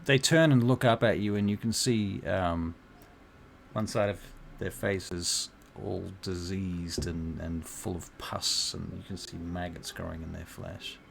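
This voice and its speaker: A man narrating as game master in a halting way, with many fillers and restarts. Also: sits low, fairly even intonation, creaky, a little hiss or hum.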